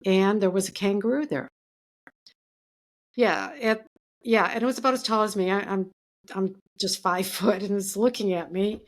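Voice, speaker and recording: A woman animal communicator telling stories in a casual video-call chat, laughing often. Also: mid-range voice.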